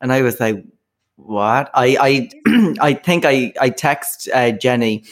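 A man's voice: medium pitch, takes it slowly. Laid-back man rambling in chat. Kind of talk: casual chat.

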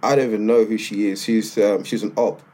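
A man co-hosting a podcast, telling stories in a lively, slangy, casual way. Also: lowish voice, a little fast. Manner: animated storytelling with slang. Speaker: podcast co-host. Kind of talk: casual chat.

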